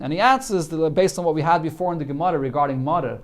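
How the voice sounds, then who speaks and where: Talmud teacher man, higher-pitched voice. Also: lively intonation, fast talker. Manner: explains Aramaic text line by line with many fillers. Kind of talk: daily Talmud class.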